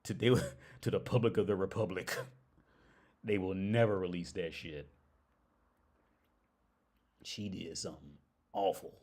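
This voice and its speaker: A young man hosting a casual livestream, swearing freely and breaking into loud laughs. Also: deep voice, steady tone, measured pace, pauses often. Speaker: livestream host.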